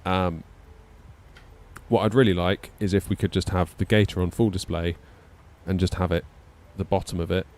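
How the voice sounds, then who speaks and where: A flight sim streamer chats casually on a live stream, his low, creaky voice wandering through rambling talk. He sounds hesitant, with lots of fillers and little self-deprecating laughs.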